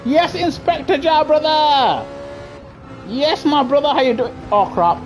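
High-voiced excitable man. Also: a little slow, soft background music. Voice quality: high-pitched voice. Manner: excitable, yelling at the race, laughing often; chatty banter with viewers. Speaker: gaming streamer. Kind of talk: live gameplay commentary.

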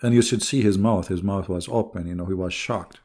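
Deep, steady, and a little mellow, this man from the Arab world speaks slightly fast with an Arabic accent. He hosts an online debate show, delivering a sarcastic, mocking commentary monologue full of laughter.

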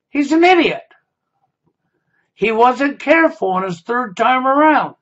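A man's voice: very high-pitched, big pitch swings, normal speed, a bit bright. A man giving a confrontational monologue as a commentator, often ending his points with a pointed "okay?". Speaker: YouTube commentator. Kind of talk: accusatory monologue. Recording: dull lo-fi sound.

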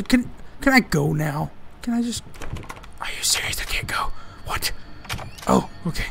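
A man's voice: high-pitched, expressive, unhurried, vocal fry, pauses often, fairly bright tone, soft background music. A man giving casual let's-play commentary on a horror game, joking and muttering to himself. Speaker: gamer playing a horror game.

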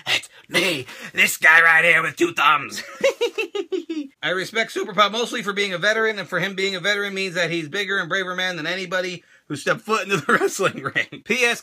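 A middle-aged man hosting a toy show, unboxing fan mail with a loud, crude, joking manner and quick silly voices. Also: high-pitched, lively intonation.

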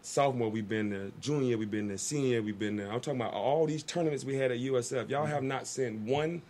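Here a man with a mid-range voice speaks quickly while telling a lengthy tale as a guest on a radio show. The talk is casual, and he animatedly acts out everyone he quotes.

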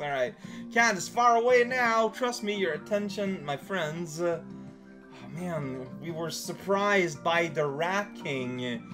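A man's voice: a little high, lively intonation, takes it slowly, a bit bright, soft background music. A man casually commentating on a video game as he plays, rambling and giggling through jokey asides. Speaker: let's play commentator.

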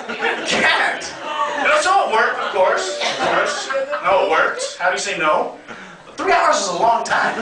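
Brash stand-up comic in an echoey club. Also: male voice, very high voice, very noisy. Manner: brash, crude punchlines, rising to loud bursts. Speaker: stand-up comedian. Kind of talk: stand-up comedy set. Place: comedy club stage. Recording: echoey club sound from a distant mic, crowd laughter. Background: audience laughing.

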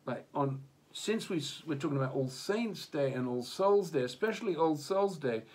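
A man's voice: fairly high pitch, expressive, normal speed, a little mellow. Hesitant man musing aloud. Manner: hesitant, many restarts and fillers. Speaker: co-host of religion discussion. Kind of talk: casual discussion. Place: Japan.

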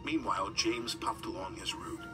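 A middle-aged man narrating a children's storybook in a calm, even manner. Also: fairly low pitch, moderate pace. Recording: distant voice under loud music.

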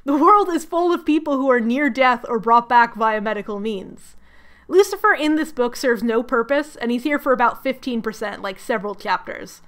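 A young woman recapping a book with comedy, sarcastic, animated and self-mocking. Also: fairly high pitch, normal speed. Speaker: book reviewer.

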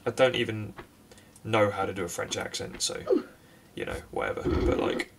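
A man's voice: on the low side, wildly swooping pitch, creaky, distant mic, very noisy. Sarcastic man narrating a game from afar. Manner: sarcastic, self-mocking, quick outbursts at the game. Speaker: gaming commentator. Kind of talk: let's play commentary.

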